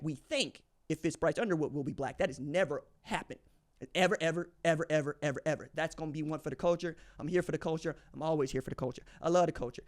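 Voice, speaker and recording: A man's voice: on the high side, a bit bright. A man hosting a sports podcast, giving opinionated commentary in an emphatic, slangy way and repeating phrases for effect. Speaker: podcast host.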